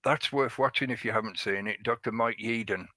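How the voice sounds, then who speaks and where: A man's voice: mid-range voice, a little fast, bright, forceful tone, dry recording. A man hosting a casual livestream, chatting in a rambling way and greeting viewers in the chat by name. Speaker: livestream host. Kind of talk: casual live-stream chat.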